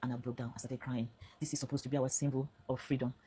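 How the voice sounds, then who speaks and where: Nigerian lady in her 50s telling her story real fast, low mellow voice, earnest and emphatic. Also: flat delivery, slight background noise. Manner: emphatic, earnest, mixes in Pidgin phrases. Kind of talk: personal testimony to camera.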